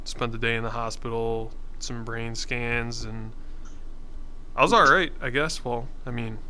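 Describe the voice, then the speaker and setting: A man's voice: medium pitch, fairly even intonation, unhurried, bright, forceful tone, a little hiss or hum. A man chatting on a podcast, recounting events in a laid-back, matter-of-fact way. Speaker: podcast co-host. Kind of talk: casual chat.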